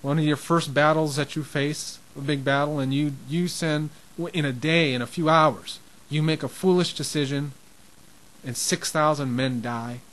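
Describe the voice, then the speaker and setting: A man's voice: on the high side, steady tone, moderate pace, few pauses, fairly bright tone, low-quality recording. A man preaching an informal sermon in a conversational way, growing impassioned, with frequent restarts.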